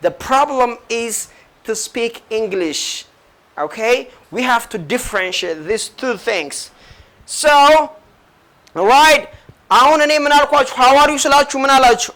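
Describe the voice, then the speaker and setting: A woman's voice: fairly high pitch, fast talker, fairly bright tone. A woman with an Ethiopian accent teaching an English lesson. She drills set phrases over and over, switches between English and Amharic, and urges her learners to answer and repeat. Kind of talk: classroom language lesson.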